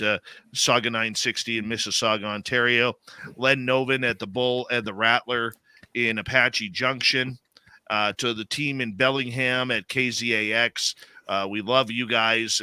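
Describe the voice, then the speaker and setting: A Canadian man hosting live radio, his voice very bright and forward. He rambles in a loose, conversational way with plenty of fillers and restarts. The sound is dry and close, with almost no room echo. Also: mid-range voice, clean tone. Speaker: radio host.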